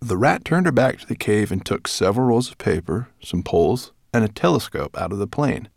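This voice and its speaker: A narrator reading a children's storybook aloud in an expressive, lively storytelling manner. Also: mid-range voice, brisk, gravelly, dry recording, clean studio sound. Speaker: audiobook narrator.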